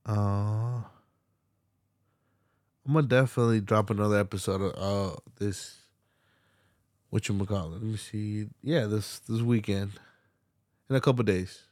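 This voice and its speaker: A young man hosting a solo podcast, talking in a laid-back, slangy, heavily swearing way and getting animated when he retells movie scenes. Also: fairly low pitch, unhurried, long pauses, dry recording, clean studio sound. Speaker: podcast host. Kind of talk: casual solo podcast rant.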